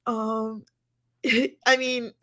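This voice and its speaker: A woman's voice: a little high, level tone, drawn-out words, sharp tone. Emotional, gushing woman. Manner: effusive, gushing. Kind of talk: casual chat.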